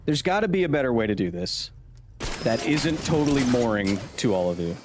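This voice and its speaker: A man's voice: mid-range voice, big pitch swings, brisk, noisy background. A man hosting a casual gameplay livestream, joking as he reads and answers his chat's messages. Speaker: livestream host.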